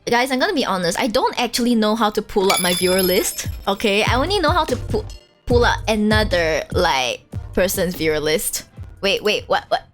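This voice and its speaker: A young woman streaming a game, chatting casually in an animated, giggly way. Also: medium pitch, moderate pace, music in the background. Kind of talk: casual let's-play chat.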